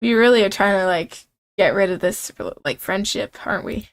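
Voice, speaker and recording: A young woman streamer giving playful, excitable casual commentary while playing a dating game. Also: mid-range voice, moderate pace.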